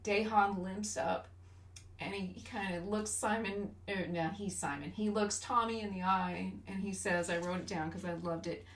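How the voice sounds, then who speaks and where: A woman co-hosting a podcast in casual chat, animated and emotional as she retells favorite scenes. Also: mid-range voice, normal speed. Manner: animated and emotional, gushing about film moments. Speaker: podcast co-host. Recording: roomy room, mic at a distance.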